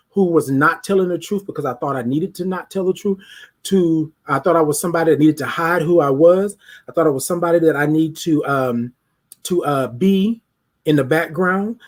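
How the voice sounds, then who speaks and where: A man hosting a live show, talking straight to his viewers in an emphatic, preachy monologue. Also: fairly high pitch. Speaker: host of a live talk show. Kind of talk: motivational live-stream monologue.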